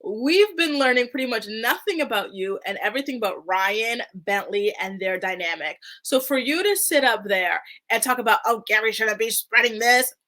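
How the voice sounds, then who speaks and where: A woman's voice: fairly high pitch, animated, normal speed, hardly any pauses, a bit bright. A woman hosting a reality TV recap, chatting casually in a sassy way and saying "like" a lot. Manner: sassy, chatty, heavy use of "like". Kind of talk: casual commentary.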